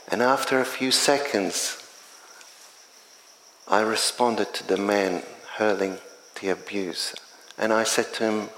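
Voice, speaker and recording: A middle-aged man, a chaplain, shares his testimony in a slow, earnest, measured voice that sits fairly low. The sound carries a long hall reverb with faint ambience underneath. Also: fairly even intonation, a bit bright, slight background noise. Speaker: community chaplain. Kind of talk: spoken testimony.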